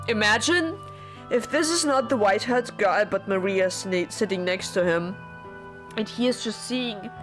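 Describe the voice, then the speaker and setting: A woman streaming a blind visual novel playthrough, emotional and tearful, swearing often as she talks to her viewers. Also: mid-range voice.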